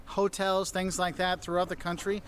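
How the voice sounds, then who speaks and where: A man presenting travel advice in a lively, chummy way, often acting out little voices. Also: high voice, normal speed, slight background noise.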